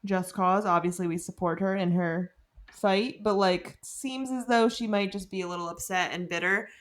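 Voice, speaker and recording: A woman's voice: lowish voice, moderate pace. Laughing young woman gossiping. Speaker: podcast co-host. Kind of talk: casual chat.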